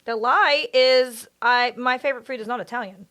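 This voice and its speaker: A woman's voice: fairly high pitch, normal speed, sharp tone. A woman co-hosting a podcast, chatting casually, laughing often and protesting good-naturedly. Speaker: podcast co-host. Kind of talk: casual chat.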